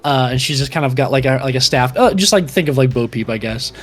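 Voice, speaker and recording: A man's voice: medium pitch, expressive, fast talker, faint music behind. A young man as game master, narrating a tabletop game in a rambling way full of fillers.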